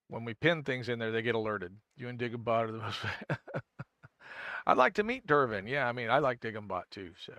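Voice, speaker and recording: A man's voice: medium pitch, pushed and bright, no echo. Rambling male game streamer, dry sound. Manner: rambling, thinks aloud, answers chat; frequent self-restarts. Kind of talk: casual live-stream chat.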